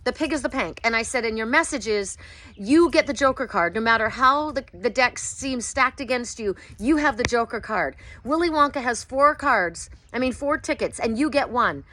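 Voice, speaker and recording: A middle-aged woman speaking outdoors, her voice a little high and very bright and forceful. She retells her readings in a casual vlog style and keeps jumping up into thrilled, high-pitched exclamations. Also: moderate pace, a little hiss or hum. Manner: bursts into high excited exclamations while retelling. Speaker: oracle card reader.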